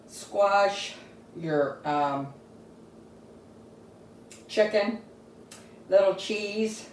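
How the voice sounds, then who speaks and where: A woman demonstrates a family recipe for a casual cooking video, chatting warmly and tasting her cooking while she speaks. Her mid-range voice has a darkish tone and a very slow delivery full of long pauses, and it sounds distant in an echoey kitchen with slight hiss or hum.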